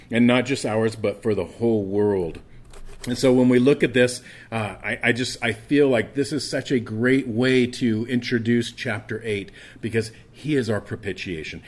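Male pastor, sermon delivery, earnest, halting restarts, drops low on key words. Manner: earnest, with frequent restarts and stammered repeats.

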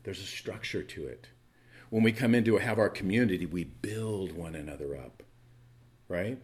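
A male pastor delivers a sermon in an earnest, conversational way, tripping over restarts and shifting between loud emphasis and quiet asides. His voice sits low and husky, and he speaks at a moderate pace.

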